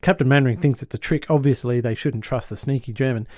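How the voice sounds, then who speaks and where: A man hosting a podcast, retelling a sitcom episode in an animated way and chuckling often. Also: medium pitch, fast talker, no echo, studio quality. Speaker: podcast host.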